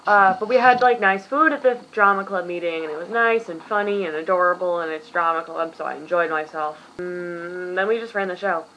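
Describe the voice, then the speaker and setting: A woman's voice: on the low side, brisk, hardly any pauses, bright, forceful tone, a little hiss or hum, rough recording. A tired young woman in her late teens from the US, rambling self-deprecatingly through a casual vlog as its host. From United States.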